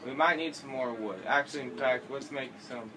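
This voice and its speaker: A man's voice: medium pitch, brisk. Rambling teenage boy gamer, noisy recording. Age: teens. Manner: rambling, self-correcting, jokey. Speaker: gameplay commentator. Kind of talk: casual let's-play commentary.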